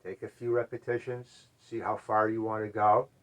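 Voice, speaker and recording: A middle-aged man leading a gentle chair yoga class, calmly cueing stretches and breaths and often trailing off into quiet murmured "all right"s. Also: moderate pace. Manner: often drops to a soft, low murmur. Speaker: yoga instructor.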